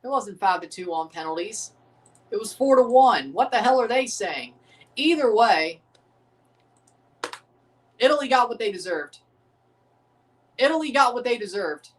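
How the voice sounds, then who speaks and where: A man's voice: very high voice, lively intonation, measured pace, pauses often, far from the mic. A man hosting a live sports watchalong, ranting profanely and repeating himself. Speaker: livestream watchalong host. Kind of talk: live sports reaction rant. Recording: voice a bit off the mic.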